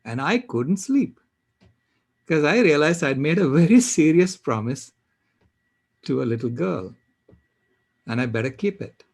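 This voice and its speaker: Gravelly, husky older man telling a story. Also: on the high side, lively intonation. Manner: earnest, halting storytelling with fillers. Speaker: panel speaker, systems engineer. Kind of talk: personal story told in a panel talk.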